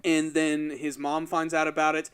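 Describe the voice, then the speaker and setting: A man co-hosting a casual podcast, retelling a story with lively energy and putting on quick voices for the characters. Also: on the high side, clear, resonant tone. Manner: animated storytelling, acts out quoted lines in exaggerated voices. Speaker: podcast co-host.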